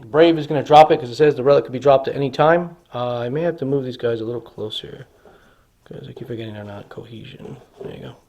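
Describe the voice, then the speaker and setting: A man's voice: medium pitch, quick pace, lo-fi sound. A man casually narrating a tabletop wargame battle report, enthusiastically dramatizing the action. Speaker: hobby wargamer.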